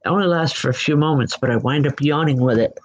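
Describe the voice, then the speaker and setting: A woman giving live online psychic readings in a gentle, reassuring way, often pausing and restarting her sentences. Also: low-pitched, rough recording. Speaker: psychic medium. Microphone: computer mic.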